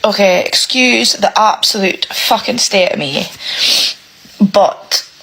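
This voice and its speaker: A woman's voice: medium pitch, slow pace, fairly bright tone, slightly rough, low-quality recording. A woman, a single parent, ranting emotionally to camera, close to tears and swearing often. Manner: swears heavily, repeats herself, exasperated. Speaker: single parent sharing her struggles. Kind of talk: emotional personal rant to camera.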